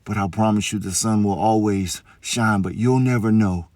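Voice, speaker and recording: A man with a fairly low voice tells a story as a police officer. His delivery is sincere and encouraging. The sound is close and dry. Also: normal speed, a little mellow, no echo. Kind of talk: heartfelt storytelling monologue.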